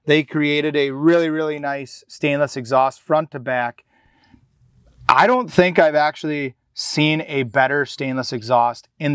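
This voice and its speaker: Enthusiastic male off-roader, slightly higher voice, smooth and crisp, dry close sound; casual walkaround patter. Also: dry recording. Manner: enthusiastic, rambling with restarts and fillers. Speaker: off-road vlogger showing his jeep build. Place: outdoors and inside a jeep in a shop area.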